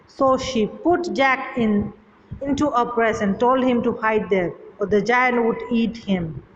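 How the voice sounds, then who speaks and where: A woman's voice: on the high side, unhurried, slight background noise. A woman teacher reading a story aloud and explaining it, reading a line and then paraphrasing it in simple words, recorded in an echoey hall with dull lo-fi sound.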